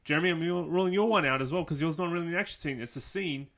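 A man's voice: on the high side, a bit bright. A man hosting a casual podcast, putting questions to the others and ruling on their answers. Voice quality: brisk, ruling like a judge. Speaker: podcast host running the questions. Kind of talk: casual chat.

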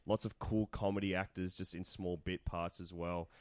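A man's voice: low voice, fairly even intonation, moderate pace, darkish tone, no room sound. An Australian man talking films casually as a podcast co-host, saying "like" a lot and laughing easily. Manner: laughs often, says "like" a lot. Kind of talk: casual film discussion.

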